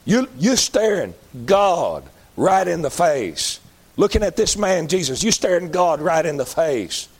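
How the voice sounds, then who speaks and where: A middle-aged Baptist preacher, preaching a folksy sermon that climbs into shouted emphasis. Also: male voice, fairly high pitch, very animated, measured pace, slightly rough.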